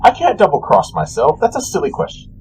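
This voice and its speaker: A man's voice: a little high, wildly swooping pitch, brisk, very noisy, pitched above the performer's own voice. A man voicing a smug, chatty male trickster god who talks in an offhand, self-important way.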